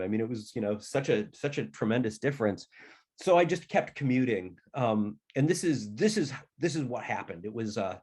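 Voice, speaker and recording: A man's voice: mid-range voice, a little mellow. A middle-aged man, an author, chatting casually and telling anecdotes, sometimes acting out other people's voices. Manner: chatty, acts out family members' voices in anecdotes. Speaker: author guest. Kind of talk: casual storytelling conversation.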